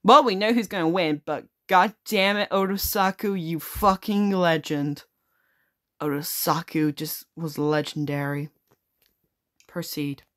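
Taking it slowly, the woman narrates her simulator gameplay for a video, reading text aloud and cursing frequently in casual commentary. Her voice is fairly low and a bit bright.

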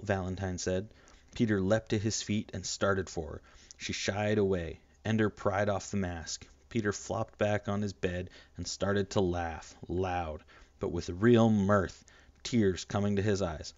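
A man narrating an audiobook in a steady, measured reading. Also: low-pitched, no echo, lo-fi sound.

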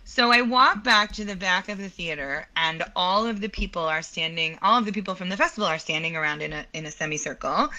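Woman opera singer in her thirties, lowish voice with a bright edge, animated interview storyteller. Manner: animated, laughs often, acts out quoted lines.

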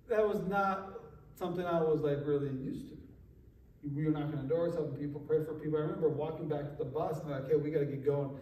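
A man preaching a sermon as pastor, telling stories in a lively, animated way and laughing often. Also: sits high. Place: church sanctuary. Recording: echoey hall, mic from far off.

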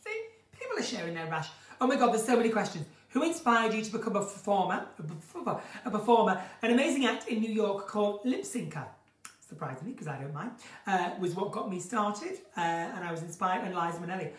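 This brisk, sing-song woman's voice sits at medium pitch and has a northern English accent. She hosts a casual home live stream, reading out viewers' questions and comments and answering with chatty, theatrical flair. There's a noticeable room echo, and she sounds a little far from the mic.

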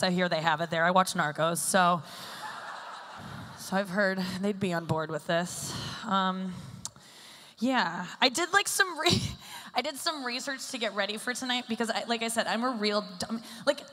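A woman in her thirties works a comedy stage with loose, self-deprecating chatter full of fillers. Her voice is bright and cutting, and each line rings out with the long reverb of a large hall. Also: mid-range voice. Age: 30s. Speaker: stand-up comedian. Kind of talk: stand-up routine.

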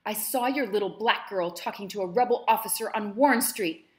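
A woman reading aloud voices a cruel, enraged wealthy mistress who shouts in a shrill, raised voice. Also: brisk, close to an everyday voice. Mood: furious.

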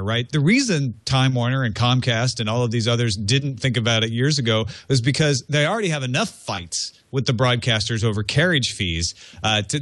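A man's voice: medium pitch, fairly bright tone, no room sound. A man hosting a casual tech news podcast, reading out items and then talking them over loosely. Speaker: podcast host.

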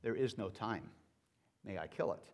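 A man reading aloud and voicing a calm, towering male angel who asks the same question slowly and quietly. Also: fairly low pitch, dull audio, voice pushed down. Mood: solemn insistent. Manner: slow, quiet and insistent.

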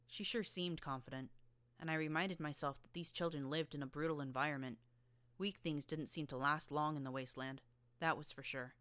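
A woman's voice: low voice, fairly even intonation, fairly quick, a bit bright, no echo. A woman narrating a first-person story in a dry, wry storytelling manner. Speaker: audiobook narrator.

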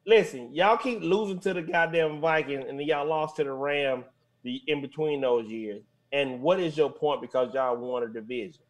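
A man hosting a sports call-in show, teasing callers with loud, profane trash talk. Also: a little high, moderate pace. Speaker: show host. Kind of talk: casual sports call-in banter.

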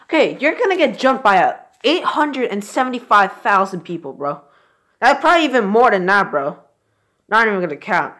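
A man's voice: high-pitched, sing-song, fairly quick, bright, forceful tone. A young man reacting live to a football game, swearing and exasperated, ending nearly every phrase with "bro". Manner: profane, exasperated, says "bro" constantly. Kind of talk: live sports reaction commentary.

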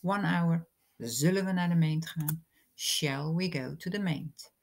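A woman's voice: sits low, gravelly. A woman, a teacher patiently explaining English grammar in a recorded lesson. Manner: slow, patient explaining with examples.

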